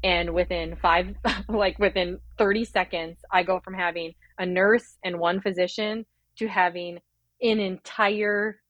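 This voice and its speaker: A woman's voice: on the low side, no room sound. A woman in her thirties telling her birth story in a rambling, heartfelt way, full of fillers and quoted thoughts. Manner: quick, rambling, many fillers and acted-out inner quotes. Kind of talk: emotional personal storytelling.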